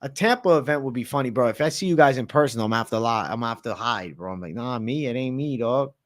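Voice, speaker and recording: Brief: man, livestream host, relaxed slangy chatter, mid-pitched everyday voice. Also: rapid-fire. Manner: slangy, laid-back, chatty. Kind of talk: casual late-night livestream Q&A.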